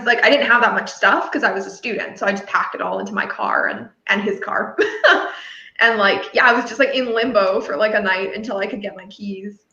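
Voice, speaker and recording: A woman's voice: mid-range voice, sharp tone, reverberant, muffled recording. A woman hosting a livestream, chatting casually with guests, laughing often and filling her talk with fillers. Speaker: host.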